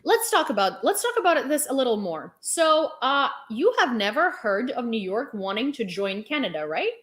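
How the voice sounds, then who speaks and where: A woman's voice: a little high, sing-song, moderate pace, a bit bright. A young woman, ranting on her vlog in an exasperated, sarcastic way, swearing and firing off rhetorical questions. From Ukraine. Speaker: vlogger. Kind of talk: heated commentary rant.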